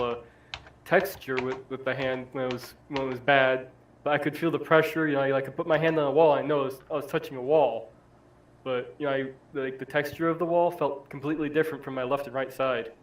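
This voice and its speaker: A man in casual chat who speaks haltingly and repeats his words. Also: mid-range voice, fairly even intonation.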